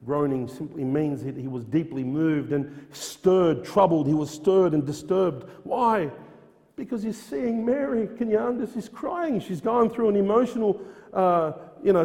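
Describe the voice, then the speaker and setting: A man's voice: high voice, lively intonation, measured pace, a little mellow, big-room sound. A man preaching a sermon in a church, earnest and emphatic, repeating phrases and quoting old-style scripture. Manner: quotes King James scripture aloud.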